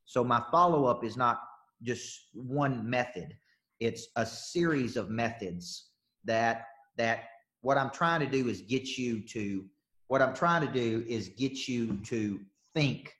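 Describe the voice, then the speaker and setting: A man's voice: mid-range voice, slow, a bit bright. A man coaching on sales during a live webinar, talking emphatically and repeating his points as he answers questions.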